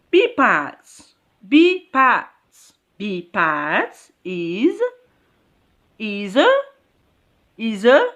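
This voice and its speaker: A woman teaching an English grammar lesson, explaining slowly and repeating key points with emphasis. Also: mid-range voice, fairly bright tone. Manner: slow, repetitive, emphatic explaining.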